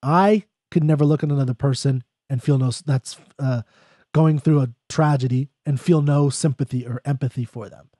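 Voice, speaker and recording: Male lecturer, mid-pitched and mellow, conversational, reads the verse slowly. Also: no room sound, clean studio sound. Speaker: poetry explainer. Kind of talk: casual spoken lecture on a poem.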